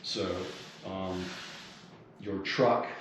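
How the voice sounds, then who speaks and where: Man, low voice, rambling explanation with fillers, very echoey room, faint background noise. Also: steady tone, very slow, far from the mic. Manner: rambling, full of fillers and restarts. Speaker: comedy sketch director and actor. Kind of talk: casual explaining of a sketch.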